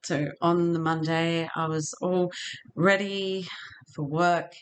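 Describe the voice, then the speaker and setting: A woman's voice: lowish voice, steady tone, slow pace, clear, resonant tone. A middle-aged woman vlogger telling a story to camera in a casual, chatty way, often laughing.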